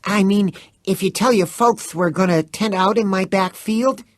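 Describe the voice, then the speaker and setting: A breathless young boy bursting with urgent news, his high voice panting and pleading, as a man reads him. He sounds earnest and keyed up, in a storybook reading. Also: moderate pace, no room sound, studio quality, close to an everyday voice. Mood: excited.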